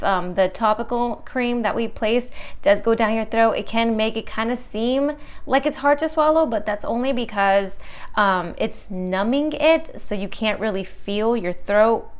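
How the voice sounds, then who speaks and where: A young woman, a dental assistant, chatting and telling stories to her viewers in a casual, animated vlog. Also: medium pitch, smooth.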